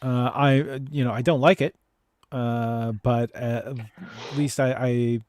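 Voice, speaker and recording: A man, a stand-up comedian co-hosting a casual chat over a video call, speaking in a measured, reflective way with frequent hesitations. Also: medium pitch, steady tone, a little mellow, slight background noise.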